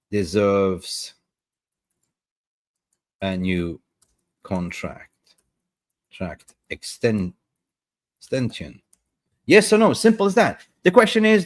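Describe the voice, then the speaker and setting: A man hosting a live football stream, rambling and talking to his viewers while he searches online. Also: mid-range voice. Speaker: football livestream host.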